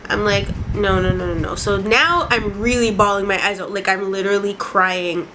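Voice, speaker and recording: A woman in her twenties from Canada, telling a dramatic storytime vlog in a casual, profane, animated way. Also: mid-range voice, moderate pace, hardly any pauses, noisy background. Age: 20s. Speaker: vlogger.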